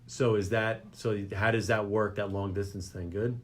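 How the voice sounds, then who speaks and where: A man's voice: on the low side, fairly even intonation, moderate pace. A man hosting a local radio talk show, joking and rambling. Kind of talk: casual chat show banter.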